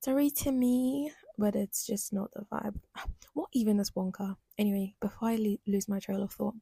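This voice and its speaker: A woman's voice: mid-range voice, fairly even intonation, moderate pace, creaky, dark tone, slightly rough, no echo. A young woman hosting a solo podcast, talking in a rambling, chatty, self-deprecating way. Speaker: podcast host. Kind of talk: casual solo podcast monologue.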